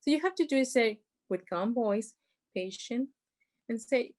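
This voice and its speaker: A woman's voice: a little high, animated, unhurried, darkish tone. Woman presenting a parenting workshop. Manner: explains with examples, non-native phrasing. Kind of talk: informal presentation.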